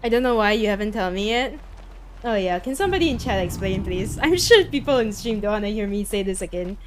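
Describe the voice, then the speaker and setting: A woman's voice: mid-range voice, animated, a little fast, slight background noise. A young woman streaming a video game, venting her frustration in casual chat with her viewers. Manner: exasperated, venting, chatty with viewers. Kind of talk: casual live-stream commentary.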